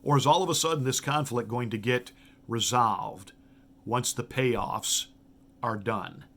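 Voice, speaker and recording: A man's voice: mid-range voice, measured pace, fairly bright tone. A middle-aged man, a pastor, giving a political commentary monologue full of rhetorical questions, emphatic and repeating words as he restarts.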